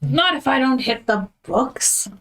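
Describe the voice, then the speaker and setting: A woman's voice: high-pitched, animated, unhurried, a bit bright. A woman player in a tabletop game, chatty and full of questions. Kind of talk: casual tabletop game talk.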